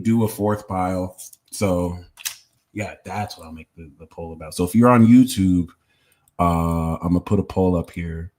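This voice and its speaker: A man with a very low voice hosts a live tarot reading. He talks in a loose, conversational way and breaks off now and then to thank and answer his viewers. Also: normal speed, a little mellow. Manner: casual, chats with viewers between readings. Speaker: tarot reader and host.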